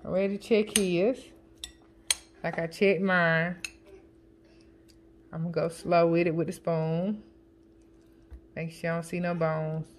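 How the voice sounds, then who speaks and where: A woman chatting casually as a home cooking vlogger, counting her seasoning shakes out loud and joking with family off camera. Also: on the low side, flat delivery, measured pace, long pauses, a little hiss or hum. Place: home kitchen. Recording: kitchen clatter of dishes and utensils.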